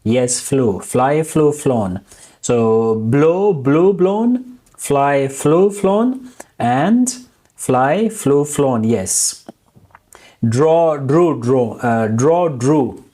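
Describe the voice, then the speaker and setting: A man teaching English in a recorded lesson, slowly drilling verb forms and repeating each one deliberately. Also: mid-range voice, expressive, warm tone.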